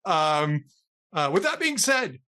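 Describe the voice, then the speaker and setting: A middle-aged man hosts a casual talk show and tells long jokes with plenty of voice play. His voice sits a little high and swings up and down as the story goes. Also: takes it slowly, clean tone. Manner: lively storyteller, animated pitch. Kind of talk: casual joke-telling chat.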